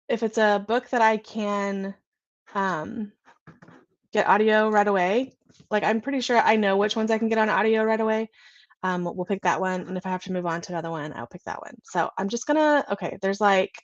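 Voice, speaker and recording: A young woman from California hosting a casual livestream, chatting in a bubbly, gushing, excitable way. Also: medium pitch, no room sound, highs cut off. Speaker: livestream host.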